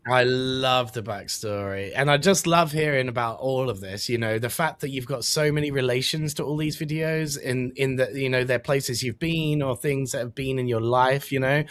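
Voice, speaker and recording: A man's voice: mid-range voice, moderate pace, hardly any pauses, no echo. A man from the UK hosting a casual show, enthusiastic and chatty with lots of "you know". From United Kingdom. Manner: enthusiastic, chatty, full of fillers. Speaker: host. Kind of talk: casual chat.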